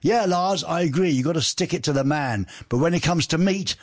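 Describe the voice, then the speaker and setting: A man's voice: fairly high pitch, a little fast, dry recording, clean studio sound. A man hosting a radio show in a chatty, rambling, jokey way, reading out listener messages. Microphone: studio microphone.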